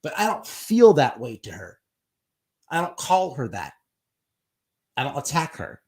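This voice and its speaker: A man's voice: a little high, huge pitch swings. A man hosting a live stream and rambling through casual, profane commentary. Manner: profane, rambling, quick to act out quotes.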